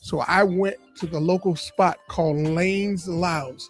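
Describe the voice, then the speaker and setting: A man from Boston, a comedian and radio guest, telling lively stories in a casual interview. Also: high voice, takes it slowly, soft background music. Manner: animated storyteller, lively and full of punchlines.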